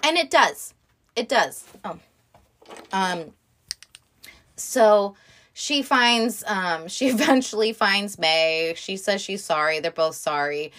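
A woman casually retelling the plot of an animated film in her own words, chatty and quick to swear. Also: mid-range voice. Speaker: movie recap vlogger.

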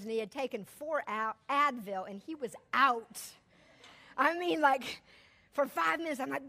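Animated woman telling a story. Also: high voice, normal speed. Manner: animated, chatty, laughs often. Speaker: speaker to a church audience. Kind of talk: personal storytelling to an audience.

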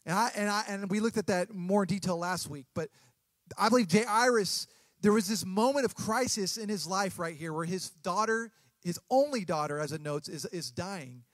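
An earnest male pastor in his thirties preaches a sermon, often stumbling and restarting mid-sentence. His voice sits fairly high for a man. The sound is dry and close, with little room echo. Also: fairly bright tone. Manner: earnest, halting with frequent restarts.

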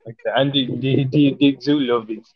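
A man's voice: mid-range voice, normal speed, crowd noise. A young man chatting as a podcast guest, telling stories and acting out other people's lines. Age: young adult. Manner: relaxed storyteller, quotes people in mock voices. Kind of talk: casual chat. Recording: dull, dry sound.

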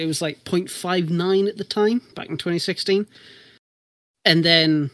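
A man's voice: on the high side, steady tone, brisk, a bit bright, dry recording. A man telling a long story in casual chat, rambling with many restarts and casual swearing.

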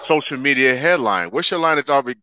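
Lively, bright-voiced podcast host man. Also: medium pitch, quick pace, no room sound, dull audio. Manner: tries to steer the talk, laughing along. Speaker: podcast host reading headlines. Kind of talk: casual chat.

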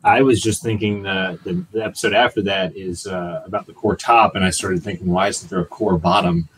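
A man guesting on a casual podcast, talking in halting starts with goofy asides. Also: sits low, fairly even intonation, fairly bright tone, a little hiss or hum, poor audio.

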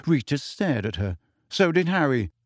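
A man narrating a novel in an even storytelling voice, pitched a little higher than most men. The sound is close and dry, with no room around it. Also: moderate pace, dry recording. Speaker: audiobook reader. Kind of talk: scripted narration.

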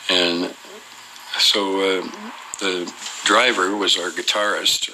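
A man's voice: low voice, little pitch movement, takes it slowly, sharp tone, a little hiss or hum, rough recording. A man telling his own experience in an unscripted, rambling way, hesitating often with "uh" and restarting his sentences. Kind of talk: unscripted personal storytelling.

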